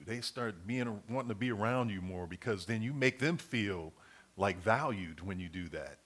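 A man's voice: mid-range voice, a bit bright. A middle-aged man preaching a sermon, earnest and repeating his key points as he works through a numbered list.

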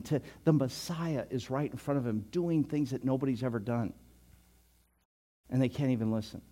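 Older male pastor preaching a sermon. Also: medium pitch. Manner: storytelling with chuckles, animated and loud in anecdotes; repeats words, restarts.

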